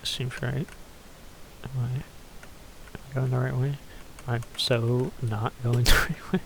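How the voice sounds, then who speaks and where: A man's voice: medium pitch, level tone, unhurried, vocal fry, fairly bright tone, a little hiss or hum. A man giving casual, rambling commentary over a game he is playing, swearing offhandedly and using lots of fillers. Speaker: gameplay commentator.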